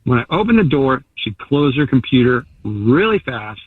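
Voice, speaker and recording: A man's voice: medium pitch, sing-song, normal speed, husky, no echo. A man calling in to a radio show, telling his story hesitantly with fillers and restarts. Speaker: caller. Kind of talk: phone-in account to a radio show. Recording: tinny phone line.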